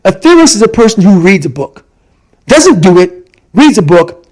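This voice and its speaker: A man's voice: sits high, big pitch swings, normal speed, a little mellow, low-quality recording. A man guest in a conversation, telling a personal story with intense emphasis and repeating his points to hammer them home. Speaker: podcast guest.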